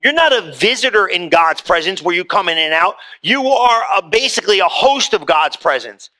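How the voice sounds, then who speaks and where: A man preaching a sermon as pastor, swinging from forceful lines to hushed ones and repeating words as he builds. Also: high-pitched, lively intonation, moderate pace.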